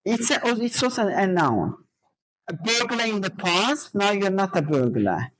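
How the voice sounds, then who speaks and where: A woman's voice: medium pitch, sing-song, measured pace, poor audio. A woman teacher trainer running a classroom lesson, drilling students with questions and counting out word stress. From Azerbaijan.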